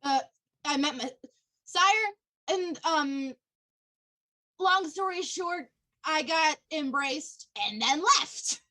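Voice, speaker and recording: A woman playing a character in a tabletop game, soft-spoken, hesitant and self-deprecating. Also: high-pitched, animated, takes it slowly, long pauses. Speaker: player.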